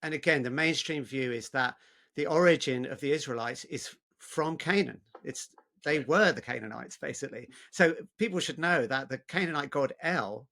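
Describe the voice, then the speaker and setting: Bright-voiced man in casual panel talk. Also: a little high, normal speed, creaky. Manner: conversational, hedging with "so" and "um". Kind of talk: casual discussion.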